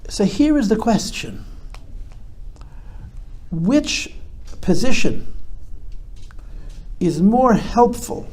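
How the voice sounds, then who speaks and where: A man's voice: high voice, big pitch swings, drawn-out words, pauses often, darkish tone. A man, a rabbi, speaking to a live audience and answering their questions, reflective, with emphatic bursts. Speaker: rabbi giving a talk. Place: talk before a live audience.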